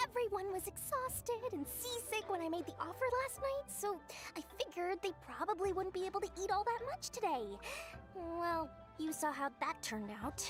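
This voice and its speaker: An actress playing a greedy, scheming young merchant in a video game, speaking in a wheedling, playful way. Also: female voice, very high-pitched, lively intonation, normal speed. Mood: sheepish. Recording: game audio with soft music behind.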